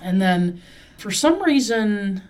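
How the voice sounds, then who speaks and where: A young woman rambles through casual podcast talk. Her pitch sits mid-range and her manner is wry and loosely profane, with plenty of fillers along the way. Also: animated, takes it slowly, darkish tone. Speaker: podcast host. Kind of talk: casual chat.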